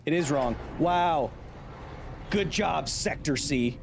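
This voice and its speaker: A man's voice: on the high side, expressive, takes it slowly, gravelly, over music. A man doing live gameplay commentary as a science streamer, reacting to the game and reading chat aloud.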